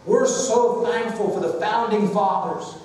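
A male pastor preaches a sermon in a church sanctuary, moving from storytelling to calls for amens. His voice is fairly high. It reaches the mic from a distance, with long reverb around it. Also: measured pace, darkish tone, a little hiss or hum.

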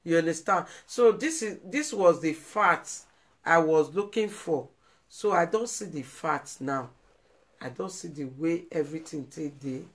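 Speaking in a deep, unhurried voice, a Nigerian woman runs a live video stream. Her commentary is emotional and pleading, and she says the same things over and over.

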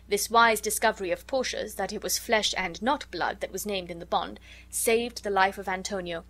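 A woman reading a classic story aloud as an audiobook narrator, in an even, measured way. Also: medium pitch.

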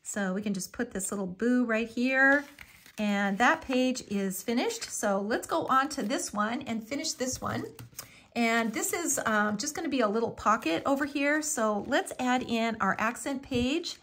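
A woman's voice: fairly high pitch, measured pace, a bit bright, a little hiss or hum. A middle-aged woman hosting a live papercraft tutorial, chatty and homey, with frequent ums and lots of "little" and "so cute". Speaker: craft tutorial host.

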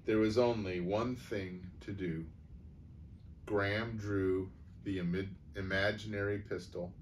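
A man reading a humorous story aloud in an unhurried, wry way, with the odd small stumble. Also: fairly low pitch, steady tone. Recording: voice from far off the mic, faint noise.

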